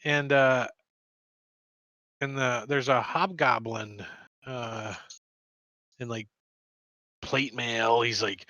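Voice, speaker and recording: A man running a tabletop game as dungeon master, narrating in a relaxed, rambling way. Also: medium pitch, very slow, pauses often, no room sound.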